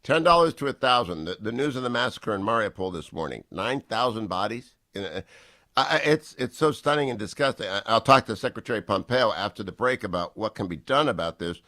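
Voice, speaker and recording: A man's voice: on the low side, animated, bright, forceful tone, dry recording. Jovial man hosting a talk radio show. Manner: brisk, jovial banter.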